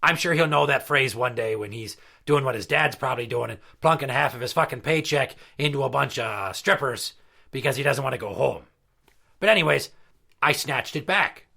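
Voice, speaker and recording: Brownbeard, a man doing a gravelly crude pirate. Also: medium pitch, sharp tone. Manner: crude, profane storytelling. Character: crude boastful male pirate party entertainer. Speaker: regular character. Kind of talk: comedy podcast skit.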